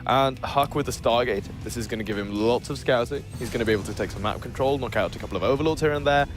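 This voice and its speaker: A man commentating a strategy game as a caster, joking dryly with his co-caster between steady, analytical calls. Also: mid-range voice, fast talker, music in the background. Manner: dry joking banter, then steady analysis. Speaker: esports caster.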